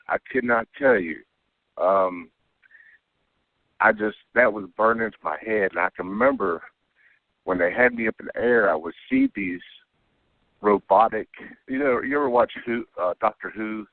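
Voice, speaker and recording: A man phones in to recount a rambling first-person story about an abduction, regularly checking in with "okay?" and "you know." His voice is on the low side and a little slow, with long pauses. The tinny phone line is dry, with no room sound.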